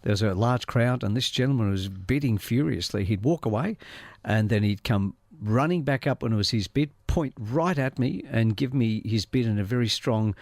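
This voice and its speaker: Radio guest: middle-aged man, mid-pitched voice, relaxed anecdotal delivery, dry studio sound. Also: moderate pace, few pauses, dry recording. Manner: anecdotal storyteller, easygoing, chuckles often. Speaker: real estate company chairman, radio guest. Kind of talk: casual radio chat.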